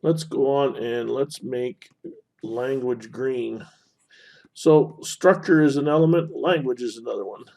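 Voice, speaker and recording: Mellow-voiced man explaining a poem. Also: mid-range voice, unhurried, gravelly. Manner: explanatory, talks while annotating, frequent fillers and self-corrections. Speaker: instructor. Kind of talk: screen-recorded teaching lesson.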